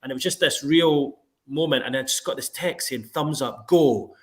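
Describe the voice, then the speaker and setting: A man's voice: medium pitch, normal speed. Man telling a story in casual chat. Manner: animated storytelling, quoting himself. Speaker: football reporter.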